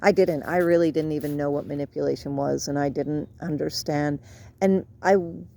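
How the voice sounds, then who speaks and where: Middle-aged woman, low mellow voice, rambling reflective vlog chat recorded outdoors. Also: steady tone, moderate pace, gravelly. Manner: rambling, soft and reflective, drifts off topic. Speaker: vlogger. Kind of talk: casual personal reflection.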